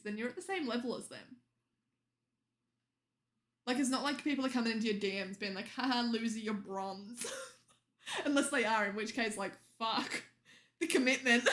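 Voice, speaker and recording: A woman's voice: a little high, a bit bright. A young woman streamer chatting casually with viewers late at night, teasing them and laughing often.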